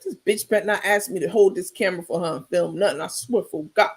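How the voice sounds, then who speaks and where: A woman putting on the voice of a weary grown man who talks in a flat monotone with no feeling. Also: lowish voice, fast talker, breathy edge. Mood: grumbling. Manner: monotone, emotionless delivery.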